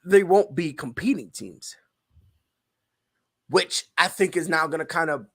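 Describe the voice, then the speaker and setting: Husky, animated sports talk host man. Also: fairly high pitch, unhurried. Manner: loud, joking, acts out voices. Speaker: show host.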